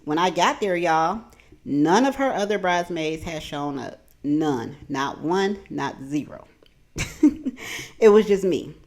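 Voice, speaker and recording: A woman vlogger telling a storytime in casual chat, animated and profane, talking from her home kitchen. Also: sits low, slow.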